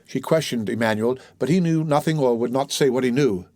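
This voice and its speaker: A man narrating a classic novel as an audiobook, in a measured, even storytelling manner. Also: mid-range voice, dry recording.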